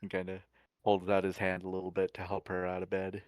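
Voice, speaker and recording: Man player, relaxed narration, low pitch, dry sound. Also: fairly quick, clean tone, no room sound. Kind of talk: narrating his character's actions in a tabletop game.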